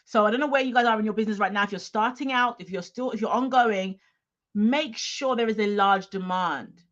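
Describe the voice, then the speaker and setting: A woman's voice: mid-range voice, brisk, a bit bright, dull audio. Emphatic woman coaching a livestream. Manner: emphatic, repeats "okay?" to the audience. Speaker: business coach.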